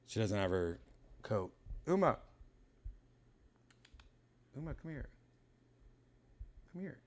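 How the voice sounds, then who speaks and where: This host's voice is low, gravelly and somewhat dark in tone. Relaxed and rambling, he presents a casual home vlog, showing his pets, a few cats, in a room at home.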